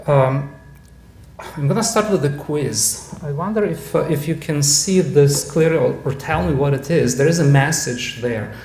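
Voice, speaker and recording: Halting man giving a club talk. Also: fairly high pitch, a little mellow. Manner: halting, many fillers and restarts. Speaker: club presenter. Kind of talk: casual club presentation. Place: club meeting room.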